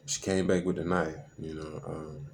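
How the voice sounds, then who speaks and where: A man with a very low, gravelly voice tells a personal story in loose, slangy talk. He halts often on fillers, and faint noise sits under the voice. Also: flat delivery, a little mellow. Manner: slangy and halting, with many fillers and restarts.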